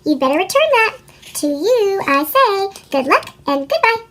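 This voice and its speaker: A woman voicing a fast-talking, boastful male squirrel in a storybook reading, her voice sped up into a chipmunk pitch. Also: very animated, a bit bright, heavily acted. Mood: chatty. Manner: chatty, pleased with himself. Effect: sped-up chipmunk pitch shift.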